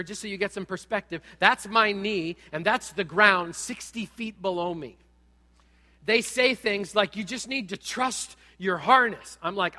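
Bright, high-voiced man preaching. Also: long reverb tail. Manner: animated storytelling, humorous asides. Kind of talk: sermon with personal story.

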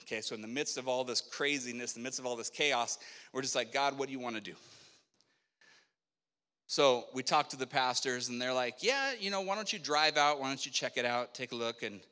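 A middle-aged man telling a personal faith story as a sermon, animated, acting out the dialogue of the people in it. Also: mid-range voice, brisk, smooth. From Spokane, Washington, USA. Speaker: preacher telling his testimony. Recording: long echo of a hall.

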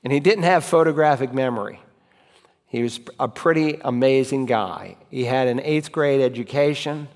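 A man teaching a Bible class in a relaxed, conversational way. He repeats key phrases and recites verses aloud to show how it is done. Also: mid-range voice, normal speed. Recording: reverberant hall.

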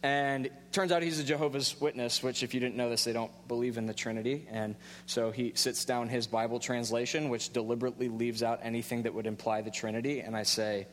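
A man in his thirties, a pastor, preaching a sermon in a relaxed storytelling way with self-deprecating humor. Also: mid-range voice, a little fast, big-room sound, slight background noise.

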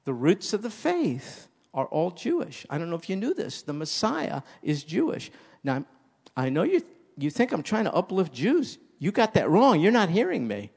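A man's voice: high-pitched, huge pitch swings, normal speed, creaky, a little mellow, breathy edge. A man preaching a sermon as pastor, emphatic and repeating key phrases for stress.

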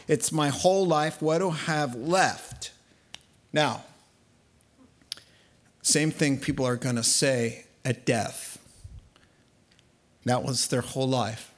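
A man preaching a sermon, telling the story in a lively way and acting out the voices he quotes. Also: medium pitch. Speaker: pastor.

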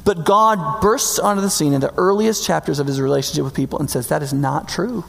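Male preacher, emphatic sermon, high voice, gravelly, long hall reverb. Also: lively intonation. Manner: emphatic, conversational, slows for key words.

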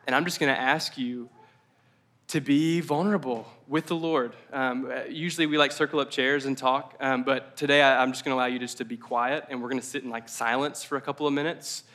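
Guy giving a laid back church sermon, bright tone, chatty asides, slows way down on the big lines. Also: medium pitch, fairly even intonation. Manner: conversational, rambling asides, slows down for emphasis. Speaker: pastor. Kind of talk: casual sermon. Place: church service.

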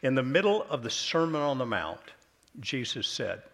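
A middle-aged pastor delivers a sermon with a steady voice at an ordinary pitch for a man. He talks in an earnest, conversational way. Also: normal speed. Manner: earnest, conversational, acts out quoted prayers.

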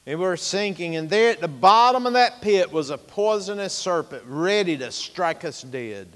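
A man preaching a sermon as pastor, emphatic, swinging from loud to hushed, in a church sanctuary. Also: high voice, lively intonation, normal speed, clear, resonant tone, big-room sound.

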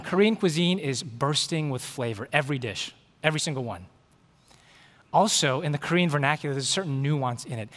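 Animated preacher in a reverberant hall. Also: male voice, fairly high pitch. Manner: animated, acts out quoted dialogue. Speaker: pastor. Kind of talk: sermon with storytelling. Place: church sanctuary.

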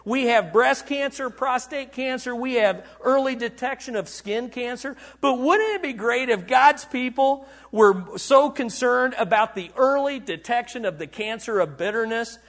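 High-voiced male preacher. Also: animated, unhurried, hardly any pauses. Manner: preaching that swings from loud bursts to hushed, confiding lows; asks the congregation questions and waits for answers. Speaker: pastor. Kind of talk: sermon.

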